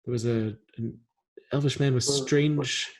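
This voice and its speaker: A man's voice: medium pitch, steady tone, a little slow, natural voice. A man voicing a nervous, eager-to-please townsman who stammers and hesitates.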